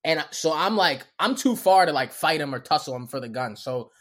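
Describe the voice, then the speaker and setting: Animated man telling a wild story. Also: a little high, moderate pace. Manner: animated, profane street-slang storytelling. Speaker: comedian guest. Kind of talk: storytelling in casual chat.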